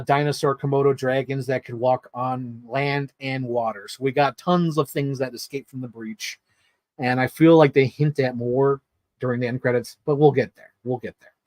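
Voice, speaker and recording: Excitable man reviewing a movie. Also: mid-range voice, dry recording. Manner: excitable, laughs often, swears freely.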